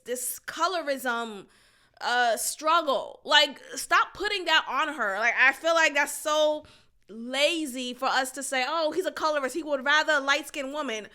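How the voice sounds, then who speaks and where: A woman's voice: high voice, sharp tone. A woman hosting a podcast, chatting casually about a reality show in a blunt, opinionated way, swearing and laughing often. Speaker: podcast host.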